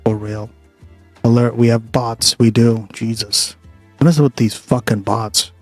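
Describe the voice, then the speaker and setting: With faint music playing behind him, a livestream host talks casually with viewers, swearing freely. He has a medium-pitched, slightly mellow voice with a steady tone and measured pace.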